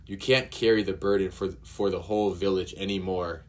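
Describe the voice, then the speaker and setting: A man's voice: low-pitched, a little fast, close to an everyday voice. A man doing a stern protective old villager. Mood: earnest. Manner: firm, steady reassurance.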